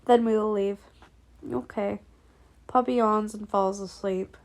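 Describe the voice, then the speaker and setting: A woman's voice: mid-range voice, fairly even intonation, a little slow. A young woman casually reading a fan story aloud, laughing often, swearing and breaking off to react. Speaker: fanfic reader.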